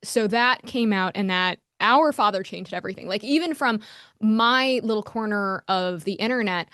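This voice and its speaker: A woman's voice: medium pitch, normal speed, a bit bright, no echo, studio quality. A young adult woman hosting a podcast, talking casually in a heated, frank way, swearing and using lots of "like". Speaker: podcast host. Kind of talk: casual monologue.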